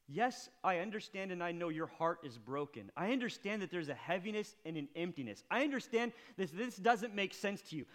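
A man preaching a sermon, swinging from hushed, intimate lines to loud, impassioned appeals. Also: on the high side, animated, normal speed. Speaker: pastor.

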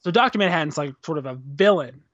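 Higher-voiced man co-hosting, dry dull recording. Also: lively intonation, quick pace, a bit bright, no room sound. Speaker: podcast co-host. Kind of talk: casual chat.

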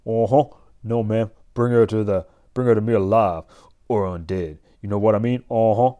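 A man's voice: lowish voice, normal speed, mellow, dull audio, close to an everyday voice. A man putting on a lazy, drawling voice for a bloated undead crime boss. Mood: smug.

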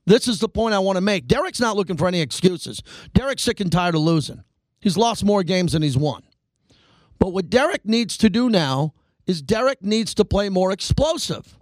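A man hosting a sports talk show, delivering a fast, emphatic monologue and repeating his points for emphasis. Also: sits high, lively intonation, no room sound. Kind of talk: animated sports radio monologue.

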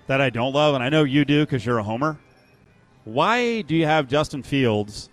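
A man's voice: medium pitch, normal speed. Rambling male radio co-host, music behind. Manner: animated, rambling, joking asides. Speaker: radio sports talk co-host. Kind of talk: casual sports radio banter.

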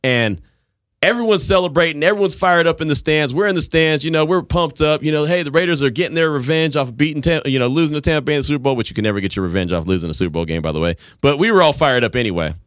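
A man in his forties hosting a casual sports talk show, telling stories with animated voices. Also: fairly high pitch, rapid-fire, no room sound, clean studio sound. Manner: animated storytelling, acts out voices.

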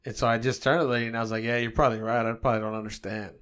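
A man tells a story in loose, profane podcast chat. His voice sits at an ordinary middle pitch, and he gets animated as he rants and jokes. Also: rapid-fire, clear, resonant tone. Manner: animated storytelling, swears a lot.

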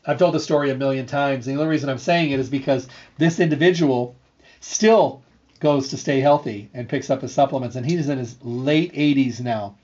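A middle-aged man hosting a health show, telling a story in an earnest, repetitive way with lively energy. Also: mid-range voice, normal speed. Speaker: radio show host and health food store owner. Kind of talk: casual storytelling monologue. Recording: slightly dull, lo-fi sound.

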